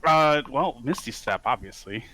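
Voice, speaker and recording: A man playing a tabletop game, playfully bargaining and arguing his points. His pitch swings widely as he talks. His voice rings bright and clear. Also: expressive, normal speed, slight background noise. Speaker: player. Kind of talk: casual tabletop game chat.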